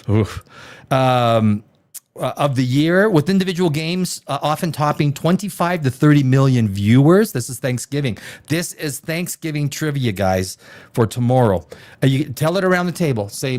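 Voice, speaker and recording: A man's voice: mid-range voice, lively intonation, normal speed, a little mellow. A man hosting a casual live stream, rambling and joking with many fillers and restarts. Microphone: desk microphone.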